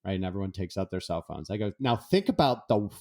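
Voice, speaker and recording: A deep-voiced man talks quickly as a guest author recounting stories in an interview, lively and acting out each line of dialogue.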